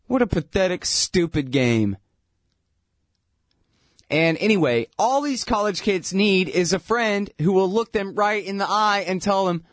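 A man with a fairly high voice rants in a loose, sarcastic way. He laughs between his points and mocks others in a whiny put-on voice. The sound is dry and close. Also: expressive, normal speed, no echo. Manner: mocking, breaks into whiny falsetto impressions. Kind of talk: casual sarcastic rant.

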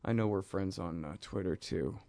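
A man hosting his own radio show, talking bluntly and loosely in slang, often trailing off into low mumbles. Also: normal speed, mellow, no echo, studio quality. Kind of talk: casual talk radio monologue.

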